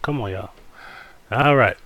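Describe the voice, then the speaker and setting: A man's voice: medium pitch, a little slow, fairly bright tone. A man hosting a live stream, giving blunt, profane, casual commentary and talking straight to his chat. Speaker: livestream host.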